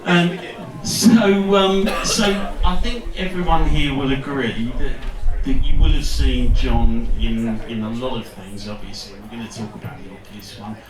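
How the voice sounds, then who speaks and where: A man's voice: medium pitch, steady tone, measured pace, few pauses, a crowd in the background. A man with a London accent interviewing a guest on stage, casual and self-mocking with hesitant fillers. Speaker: interviewer host. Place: stage in a club hall before a live audience. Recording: echoey hall, distant mic, audience.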